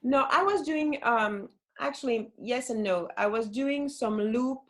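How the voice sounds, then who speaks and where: A woman with a French accent, a non-native English speaker, chatting as a guest musician over a video call. She talks haltingly, restarts often and searches for her words. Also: a little high, fairly bright tone. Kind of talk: casual interview chat.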